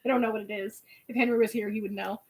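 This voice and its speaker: A woman in her late twenties hosting a casual chat, animated and giggly, playing with silly voices. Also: medium pitch, very fast, low-quality recording. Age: 20s. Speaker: host.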